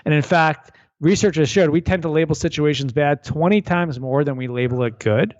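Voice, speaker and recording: A man's voice: fairly high pitch, normal speed, highs cut off. A man who is an author and guest on a radio interview, telling a parable with lots of energy and often repeating words as he restarts a thought.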